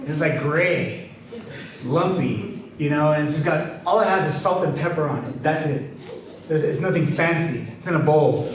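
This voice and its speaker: A man tells stories in an animated, laughing way and slips into a poetry reading, his voice sitting a little high. He is heard from a distance in a large hall with heavy echo. Faint noise sits behind him. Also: moderate pace. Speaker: author giving a reading. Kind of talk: storytelling talk and poetry reading. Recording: echoey hall from far off.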